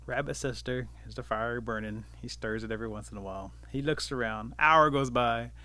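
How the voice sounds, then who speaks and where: Male folk-tale teller, relaxed, bright tone. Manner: relaxed, unhurried telling with lively pitch. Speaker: storyteller. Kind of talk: oral folk-tale narration.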